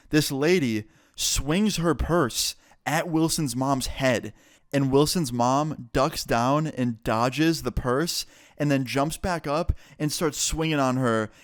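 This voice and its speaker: A young man telling a storytime vlog in a casual, animated way with lots of swearing. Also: medium pitch, smooth, dry recording, clean studio sound.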